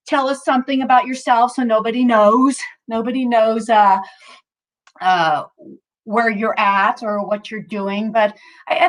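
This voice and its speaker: A woman leading a mindfulness session in a casual, upbeat, chatty way, with lots of fillers and restarts, at times out of breath. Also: high-pitched. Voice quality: chatty, upbeat, self-interrupting with many fillers. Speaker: mindfulness instructor.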